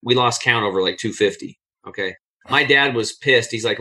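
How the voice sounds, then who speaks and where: Man, podcast guest, bright edgy voice, middle pitch, animated storyteller, blunt and casual, acts out quotes. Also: normal speed. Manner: acts out others' lines in a raised voice.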